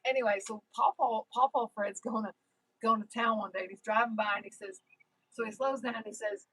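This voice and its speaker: A woman's voice: fairly high pitch, fairly even intonation, a little fast, sharp tone, husky, no echo, rough recording. A woman with a mixed New Jersey and Tennessee accent hosting a casual livestream, rambling chattily and reading out viewer comments. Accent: mix of New Jersey and Tennessee. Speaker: YouTube livestream host.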